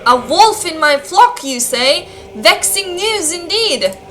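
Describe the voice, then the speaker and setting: A woman's voice: very high voice, sing-song, slow pace, a bit bright, soft background music, voice pushed up, full character voice. A woman voicing a formal, pious old village priest with archaic speech. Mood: grave.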